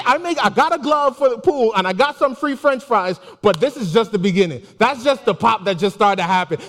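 Man, casual sermon, lively storytelling, laughs a lot, very high voice. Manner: animated, laughs often, exclaims. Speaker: preacher. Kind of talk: casual sermon with personal stories. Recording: long hall reverb.

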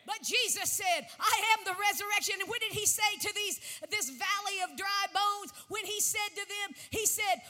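A woman pastor preaching a fervent sermon, shouting and drawing out key phrases, recorded in a church sanctuary. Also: extremely high pitch, normal speed, few pauses. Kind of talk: impassioned sermon. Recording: long church reverb.

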